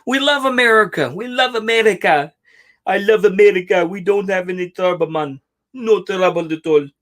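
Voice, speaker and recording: A man voicing an overly cheery figure with a made-up accent, loudly insisting on his patriotism in a singsong, exaggerated way. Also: sits high, big pitch swings, moderate pace, pitched above the performer's own voice, heavily acted. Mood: mock-cheerful.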